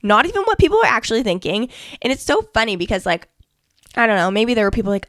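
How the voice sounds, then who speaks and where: A woman's voice: fairly high pitch, expressive, fast talker, a bit bright, no room sound, studio quality. A woman hosting her own podcast in a casual, motivational monologue, talking frankly with plenty of swearing and filler words like "like" and "okay". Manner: frank and profane, peppered with "like" and "okay". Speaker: podcast host.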